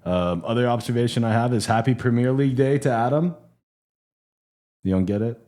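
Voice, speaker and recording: A man's voice: mid-range voice, fairly quick, dark tone. A young man co-hosting a casual sports podcast, talking loosely with lots of profanity, fillers and laughter. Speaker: podcast co-host.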